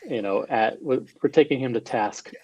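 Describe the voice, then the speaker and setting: A man in a panel chat with a mid-range voice who weighs in slowly and carefully. He hedges with frequent fillers and builds his points step by step. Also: medium pitch, darkish tone, slightly rough, muffled recording. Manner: measured, slow, hedging with fillers. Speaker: panel guest.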